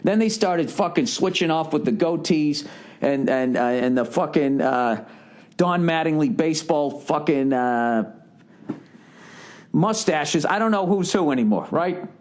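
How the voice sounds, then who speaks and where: Middle-aged man ranting, fairly high-pitched. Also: lively intonation, unhurried. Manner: profane, ranting, worked-up. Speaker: podcast host. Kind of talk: casual monologue.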